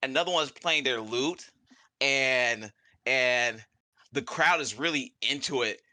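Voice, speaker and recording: Rambling young game master, bright and dry. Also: medium pitch, takes it slowly, dry recording. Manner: rambling, many restarts and fillers. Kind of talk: narrating a tabletop game.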